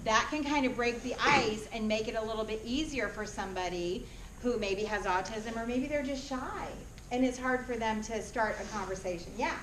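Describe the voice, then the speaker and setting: Woman presenter for a school group, lively, asks the kids questions; higher voice, echoey room, heard from a distance. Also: moderate pace, background noise. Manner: animated, asks the children questions. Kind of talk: speaking to a class of students. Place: school classroom. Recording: echoey classroom from far off.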